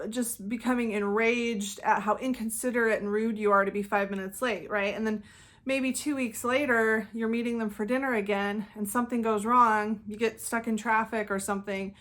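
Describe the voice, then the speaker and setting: A woman hosting her own channel, talking conversationally and now and then acting out quoted outbursts. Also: a little high. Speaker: channel host. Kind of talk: casual talking-head commentary.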